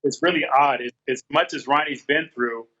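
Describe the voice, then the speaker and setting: A man's voice: mid-range voice, normal speed, sharp tone, lo-fi sound. A man telling a personal story in a candid interview, earnest and repeating his phrases as he quotes past conversations. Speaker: guest.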